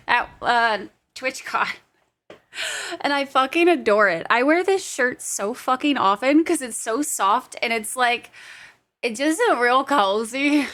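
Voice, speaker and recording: A woman's voice: sits high, fairly bright tone. A young adult woman streamer chatting casually with her viewers. She giggles often and swears freely.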